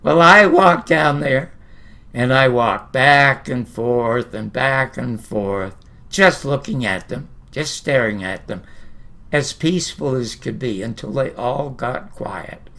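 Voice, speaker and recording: A man's voice: medium pitch, slow pace, vocal fry, pushed and bright. An older man from Canada hosting a storytelling monologue to camera, a blunt, opinionated raconteur who swears casually. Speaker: host.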